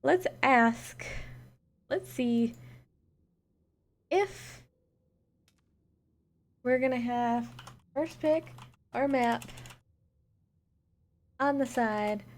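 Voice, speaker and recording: Slow-talking woman casting an esports stream. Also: a little high. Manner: chatty, reads out chat and thanks viewers. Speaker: esports caster. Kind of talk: solo live-stream casting between games.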